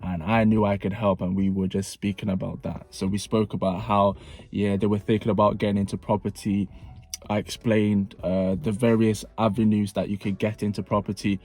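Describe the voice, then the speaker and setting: A young man telling a personal story in a casual vlog, animated and prone to repeating phrases for effect. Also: lowish voice, normal speed. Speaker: vlogger.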